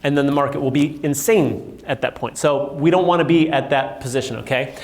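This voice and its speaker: A man coaching real estate agents, telling stories with animated quoted voices. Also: fairly high pitch, brisk, echoey room. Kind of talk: motivational talk to agents.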